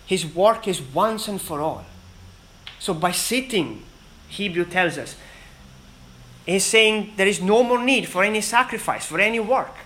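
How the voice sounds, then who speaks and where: Earnest male preacher, slightly high voice. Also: a bit bright, a little hiss or hum, rough recording. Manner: earnest, emphatic, with dramatic pauses. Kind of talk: sermon.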